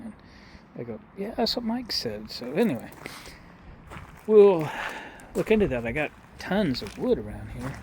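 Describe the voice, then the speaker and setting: A middle-aged vlogger, outside at a restaurant lot and by a barn, rambles in a folksy, casual way about his little electric utility truck, greeting viewers as boys and girls. He speaks at a middle pitch over lots of outdoor background noise.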